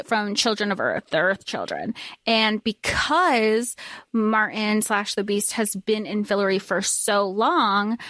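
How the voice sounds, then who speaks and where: A woman's voice: medium pitch, fairly bright tone, no echo. Chatty woman podcast co-host. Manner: chatty, thinks aloud with fillers and restarts. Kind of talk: casual book discussion.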